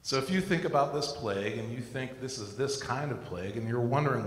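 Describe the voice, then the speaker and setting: A man's voice: mid-range voice, expressive, a little fast. A middle-aged American man giving an earnest sermon, telling his own story alongside scripture. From United States. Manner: earnest, personal testimony mixed with scripture. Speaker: Christian teacher. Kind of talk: recorded sermon. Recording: echoey room with long reverb.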